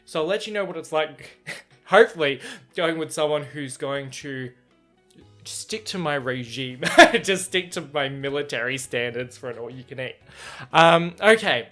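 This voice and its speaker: A man's voice: on the high side, unhurried, fairly bright tone, soft background music. A young man in his twenties with an Australian accent, hosting a casual solo podcast and rambling chattily, laughing between thoughts. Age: 20s. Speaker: podcast host.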